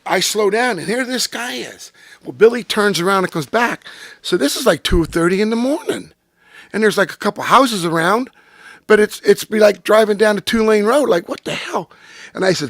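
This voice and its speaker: An older man, a retired race car driver appearing as an interview guest, tells salty, profane racing stories in a casual, animated way. His voice is high and his pace moderate, captured in dry, close-miked studio sound.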